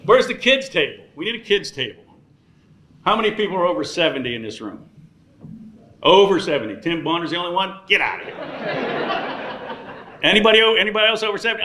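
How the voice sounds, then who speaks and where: A man in his sixties works the room at a dinner, trading jokes and thank-yous with a bright, lifted voice. His words bounce around a large echoey banquet hall with faint room noise underneath. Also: sits high. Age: 60s. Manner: wisecracking, teasing the audience. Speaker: dinner emcee. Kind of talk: joking dinner speech.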